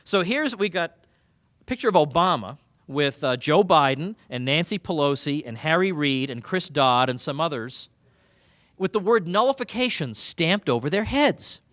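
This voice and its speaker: Guy giving a funny banquet keynote, bright lively voice, sarcastic, dry close sound. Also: a little high, normal speed, no room sound. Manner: animated, sarcastic, mock-quoting opponents. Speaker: keynote speaker. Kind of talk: humorous banquet speech. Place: banquet hall.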